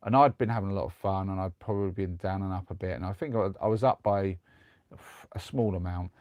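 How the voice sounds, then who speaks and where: A man's voice: low voice, fairly quick, no room sound, dull audio. A young man streaming live from a converted van, telling a rambling story with many restarts. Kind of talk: casual chat and storytelling.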